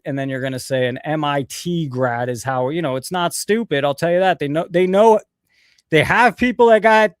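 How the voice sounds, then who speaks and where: A man's voice: a little high, dry recording, clean studio sound. Profane ranting male host. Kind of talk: casual live commentary.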